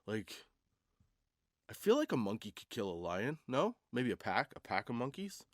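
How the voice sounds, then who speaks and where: A man's voice: mid-range voice, very animated, normal speed, no echo, studio quality. A man hosting a comedy podcast, rambling through a casual monologue with laughs and restarts. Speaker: podcast host.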